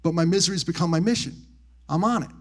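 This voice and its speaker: A man with a slightly high-pitched voice speaks to a live audience at a military base. He tells personal stories with animated energy, jumping up in pitch to act out the people he quotes. Then he drops to soft, hushed tones on grief. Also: fast. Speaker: motivational speaker. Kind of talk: live storytelling talk on suicide prevention.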